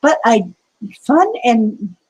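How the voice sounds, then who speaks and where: A woman's voice: a little high, sing-song, very slow, darkish tone, slightly rough, low-quality recording. A woman hosting a casual livestream, rambling and answering viewers' chat comments with conspiratorial asides. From United States. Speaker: livestream host.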